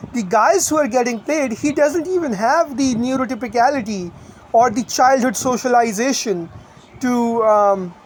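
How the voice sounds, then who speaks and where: A man's voice: very high voice, a little hiss or hum, poor audio. A man giving blunt, rambling online commentary, crude and opinionated.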